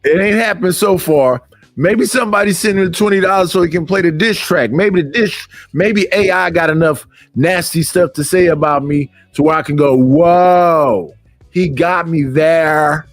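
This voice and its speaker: A man's voice: high voice, moderate pace, no echo, soft background music. A man in his fifties from Oakland, California, ranting bluntly in casual stream commentary and quoting others mockingly. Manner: blunt, rambling, quotes others in put-on voices.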